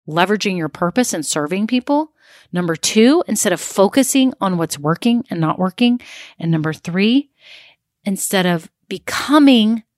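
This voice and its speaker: A woman's voice: medium pitch, a little mellow, no echo, clean studio sound. A woman in her thirties giving a direct, conversational motivational talk as a business coach, with frequent "like"s. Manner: direct, rapid, conversational, uses "like" often.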